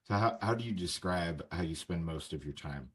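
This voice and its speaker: A man's voice: deep voice, lively intonation, moderate pace, slightly rough. A man in his thirties from the United States, hosting a casual interview podcast and asking friendly questions. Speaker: podcast host.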